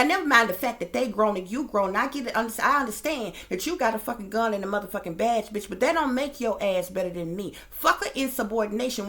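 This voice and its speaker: A woman's voice: mid-range voice, a bit bright. A woman host telling a story to her viewers in a casual, heated rant, profane and emphatic. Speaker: psychic reader and channel host.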